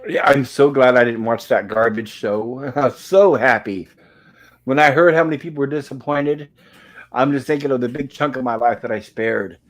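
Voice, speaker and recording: A man's voice: medium pitch, normal speed. A man hosting a pop culture review show, casually retelling an old sitcom episode scene by scene. He is chatty, laughs easily and sometimes mixes up names.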